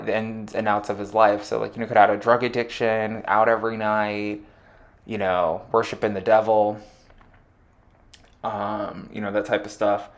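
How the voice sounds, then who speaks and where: Rambling man with a low voice. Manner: rambling, filler-heavy, offhand joking. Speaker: astrology reader. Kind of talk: casual solo chart reading.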